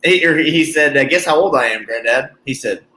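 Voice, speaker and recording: A man hosting a casual chat, telling a joke in a relaxed, drawling way and saying "y'all". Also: medium pitch, brisk, a little hiss or hum. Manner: drawling storyteller with Southern "y'all". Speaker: podcast host. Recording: roomy echo, faint ambience.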